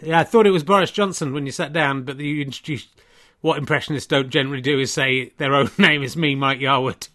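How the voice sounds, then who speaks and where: A man's voice: medium pitch, brisk, few pauses, sharp tone. A middle-aged man hosting a comic solo podcast, rambling and self-mocking, with many restarts. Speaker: podcast host and comedian.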